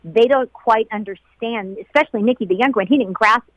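A middle-aged woman, a flight attendant, recalling events in an emotional interview, heartfelt and quoting others in lively voices. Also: a little high, fairly quick, no room sound, poor audio.

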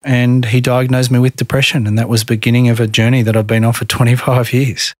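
A middle-aged Australian man telling his own story in a podcast interview, earnest and measured. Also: medium pitch, flat delivery, dry recording, studio quality. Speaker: guest.

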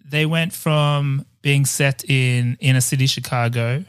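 A man's voice: mid-range voice, fairly even intonation, unhurried, clean tone, no room sound, studio quality. A man hosting a casual podcast chat, laughing often and filling with ums. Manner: chatty, laughs often, fillers. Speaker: podcast host. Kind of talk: casual chat, research recap.

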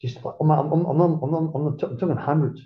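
A middle-aged Australian man telling stories in casual talk, animated and swearing a lot, acting out quoted voices. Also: on the high side, quick pace. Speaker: podcast guest. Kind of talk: casual storytelling interview. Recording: roomy, muffled lo-fi recording.

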